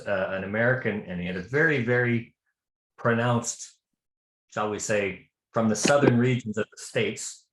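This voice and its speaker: A man teaching square dance calling to a class in a chatty, joking way with many restarts. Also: on the low side. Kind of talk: presentation to a class of callers. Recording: roomy echo.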